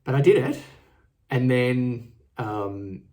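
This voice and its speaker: Earnest halting man with Australian accent. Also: mid-range voice, expressive, a little mellow. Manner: earnest, halting, repeats words. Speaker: podcast host. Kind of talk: reflective solo podcast talk. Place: indoors, seated. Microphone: studio microphone and camera.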